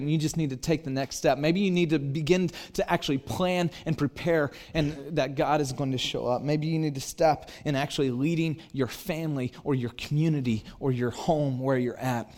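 A middle-aged pastor with a mid-range voice preaches a sermon, telling a personal story and acting out the dialogue. His delivery swings between quiet and loud.

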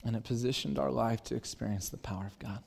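A man's voice: mid-range voice, quick pace, vocal fry. Storytelling male pastor preaching. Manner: storytelling, acts out dialogue, swings loud and soft. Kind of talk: sermon.

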